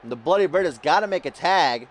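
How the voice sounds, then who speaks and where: Man calling wrestling action, high voice. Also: fast talker. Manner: jokey, excitable, shouting at big moments. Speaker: play-by-play commentator. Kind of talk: wrestling video game commentary.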